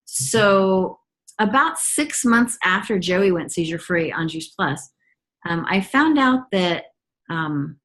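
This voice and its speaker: With a fairly bright, mid-range voice, a middle-aged mother offers her personal testimony. She comes across as chatty, earnest, and eager, often stopping to restart or filling gaps with um.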